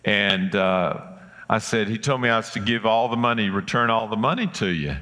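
A man's voice: lowish voice, normal speed, bright, forceful tone. A man preaching a sermon, telling a childhood story in a folksy way and acting out the voices of the people in it. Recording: long hall reverb.

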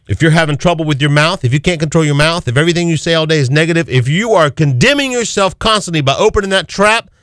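A man's voice: fairly high pitch, a bit bright, no echo, studio quality. A man preaching an impassioned sermon, quoting scripture and acting out the voices of doubters.

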